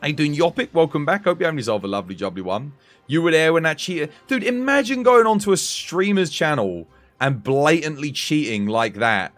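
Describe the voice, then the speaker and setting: A man's voice: a little high, fairly quick, faint music behind. A man chatting casually with viewers while commentating his own gameplay on a live stream. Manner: chatty, animated, slangy.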